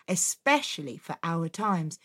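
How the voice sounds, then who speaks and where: A woman's voice: on the low side, big pitch swings, measured pace, a bit bright. A woman co-host chatting casually and enthusiastically about a story. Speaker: podcast co-host. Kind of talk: casual chat.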